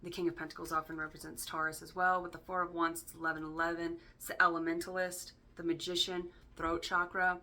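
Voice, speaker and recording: A woman's voice: on the low side, level tone, quick pace, few pauses, pushed and bright. A woman giving a casual spoken tarot reading in a chatty way, full of fillers and loose swearing, often checking in with "right?". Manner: chatty, filler-heavy, casually profane, keeps asking "right?". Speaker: tarot reader.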